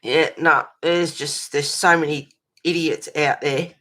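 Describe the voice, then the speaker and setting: A low-voiced Australian woman hosts a colouring livestream in a casual chat. She rants bluntly and swears freely, breaking off to answer chat messages. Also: steady tone, a little slow, fairly bright tone. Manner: reacts to chat messages with laughs.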